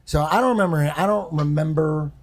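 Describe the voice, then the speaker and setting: A man casually telling an animated, profane story on a podcast, acting out voices and sounds. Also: fairly high pitch, fairly quick. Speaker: guest storyteller.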